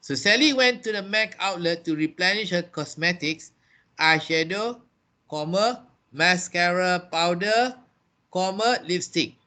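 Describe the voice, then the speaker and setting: A man's voice: sits high, unhurried, bright, forceful tone. A man teaching a class, explaining and repeating key points in a training room. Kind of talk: classroom lesson.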